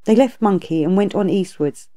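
A woman narrating a classic tale as an audiobook reader, in a steady, even reading. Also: medium pitch, normal speed. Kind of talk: scripted storybook narration.

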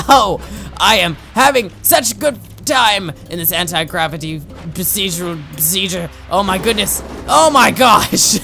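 A young man hosts a let's-play with a bright, sharp edge and a gravelly rasp. He plays it up as a mock-solemn villain and breaks into laughs and shouts. Faint game music runs underneath. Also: high-pitched. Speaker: gaming video host. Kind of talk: let's play commentary with role-play.

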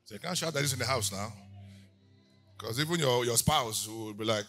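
A man preaching a sermon as pastor, moving between quiet teaching and loud shouted declarations. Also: medium pitch, moderate pace, soft background music.

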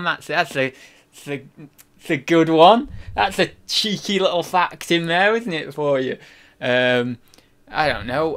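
A man's voice: a little high, a bit bright. Rambling jokey streamer man. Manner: rambling, jokey, chatty with viewers. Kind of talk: casual live-stream chat.

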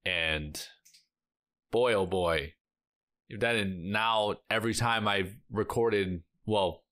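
A man's voice: on the low side, very slow, a bit bright. Male reaction vlogger, casual rambling chat, lots of "like," sighs and exclamations. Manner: rambling, heavy use of filler "like"; emotional, sighing and exclaiming. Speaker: reaction channel host.

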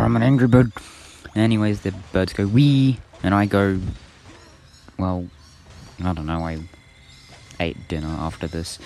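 A man with a low, deep voice talks over his gameplay in a casual, offhand way. His humor is dry and self-mocking, full of deadpan sarcasm about how badly he plays. He sounds like a home video creator chatting loosely to his viewers. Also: smooth. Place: indoors with birds outside.

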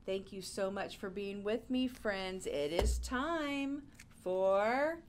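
Woman teaching toddlers bible class, high voice, slow gentle sing-song, little bit of room hum behind. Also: lively intonation, creaky. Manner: gentle, sing-song, speaks slowly to small children. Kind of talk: children's class lesson.

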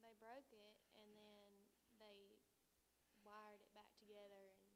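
A woman in the congregation giving brief, soft, even answers, heard from far off in a church. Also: mid-range voice, unhurried, background noise. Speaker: congregation member answering the pastor. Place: church sanctuary. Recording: distant with long reverb in a church hall.

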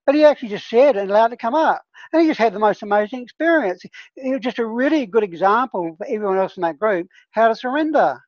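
A woman's voice: a little high, animated, fast talker, a little mellow, no echo. Woman, plant medicine facilitator, casual teaching talk, earnest, on a dull lo-fi call line. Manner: earnest, conversational, often checks in with "right?". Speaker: plant medicine healer leading a discussion group.

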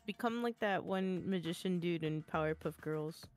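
A woman's voice: lowish voice, normal speed, darkish tone, faint music behind. A woman in casual chat with friends, rambling with laughs and casual swearing. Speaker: artist streamer chatting with friends.

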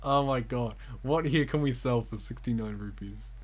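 A man's voice: medium pitch, normal speed. A young man giving giggly, self-mocking live-stream commentary as he plays a game, talking to the screen.

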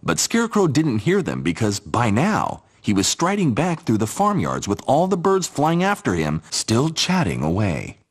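A man narrating a children's storybook in a gentle, expressive way, with a slightly breathy voice. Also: mid-range voice, moderate pace, few pauses.

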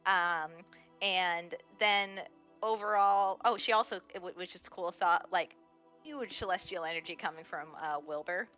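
A woman's voice: on the low side, a little slow, bright, forceful tone, faint music behind. A woman player recapping the last tabletop session in a chatty way, full of fillers. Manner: chatty, with frequent fillers and laughs.

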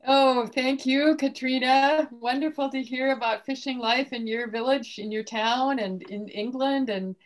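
A woman hosting a poetry event, praising the last reader and introducing the next performer. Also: fairly high pitch. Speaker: event emcee.

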